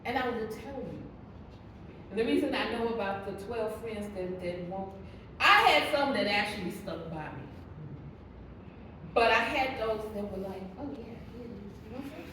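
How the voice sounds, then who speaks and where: A woman's voice: mid-range voice, expressive, moderate pace, pauses often. A woman leading a Bible study, telling her own story in testimony style and acting out the voices of the people in it. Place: church hall. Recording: echoey room from a distance, with background noise.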